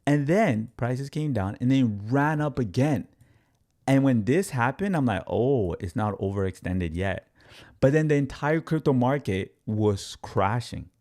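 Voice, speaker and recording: Gravelly-voiced man streaming crypto talk. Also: mid-range voice, measured pace. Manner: energetic, repeats himself, talks straight to viewers. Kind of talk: casual live-stream market commentary.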